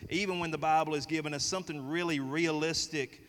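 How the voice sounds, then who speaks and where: In a church sanctuary full of long reverb, a Southern-accented man preaches a sermon, joking folksily as he polls the congregation. His pastor's voice is fairly high and fairly bright, moving fairly quickly with fairly even intonation.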